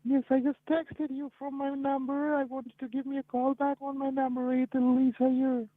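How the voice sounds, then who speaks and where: A man's voice: very high-pitched, little pitch movement, moderate pace, no echo. A man putting on a woman's voice, playing an insistent woman caller on a phone line. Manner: insistent, repetitive. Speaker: scammer.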